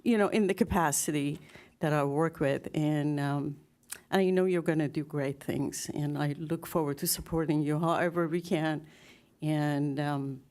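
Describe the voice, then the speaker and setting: A woman speaks at a council podium microphone in a low, deep voice. She pays a sincere tribute, pausing often with "um" as she finds her words. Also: fairly even intonation. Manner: halting with many fillers, warmly sincere. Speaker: public commenter. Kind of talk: public comment tribute. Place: city council chamber.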